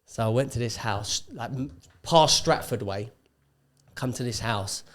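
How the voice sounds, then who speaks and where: A man spins a casual story as a podcast guest, his pitch sitting in an ordinary middle range. He talks in an animated way and acts out other people's lines as he goes. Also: unhurried.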